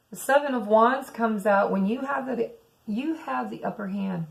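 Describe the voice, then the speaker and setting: A woman's voice: mid-range voice, lively intonation, slow, gravelly, rough recording. A woman giving a weekly tarot reading, musing aloud and speaking to her viewers as "some of you.". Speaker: tarot reader.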